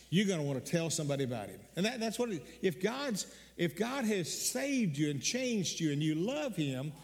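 A man's voice: high-pitched, a little mellow. An older man preaching a sermon as a pastor, telling stories earnestly, repeating words and rising into sudden emphatic bursts. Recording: long hall reverb.

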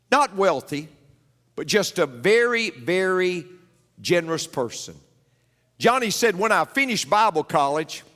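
A man's voice: a little high, a bit bright, big-room sound. A male pastor preaching a sermon, telling a story and repeating key phrases for emphasis.

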